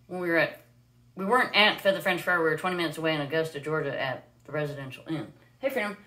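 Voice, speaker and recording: A woman from the United States, owner of a pet parrot, chatting casually on a live stream and often switching to a high, sing-song voice to coo at her bird. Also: sharp tone.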